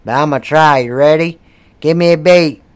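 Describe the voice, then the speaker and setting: A young man rambles and jokes crudely on a casual podcast. His voice sits a bit high and comes through smooth and resonant. He talks loudly, curses a lot, and keeps the mood rowdy. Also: moderate pace. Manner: rowdy, profane, joking. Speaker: podcast co-host.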